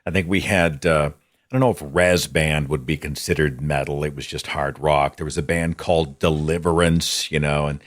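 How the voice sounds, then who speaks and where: A man with an Oklahoman accent hosting a call-in show, animated and quick to laugh, his pitch jumping up when he makes a point. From Oklahoma, USA. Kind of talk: casual call-in talk.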